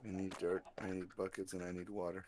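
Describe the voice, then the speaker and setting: A man playing a game alongside the streamer, chatting casually with dry, deadpan quips. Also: low voice, fast talker, slight background noise. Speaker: co-player. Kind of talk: casual chat while gaming. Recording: music behind the voice.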